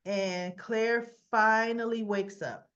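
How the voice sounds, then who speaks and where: A woman's voice: on the high side, steady tone, takes it slowly, fairly bright tone, muffled recording. Chatty woman recapping with opinions. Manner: chatty, opinionated, acts out characters' lines. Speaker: soap opera recap host. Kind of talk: casual recap commentary.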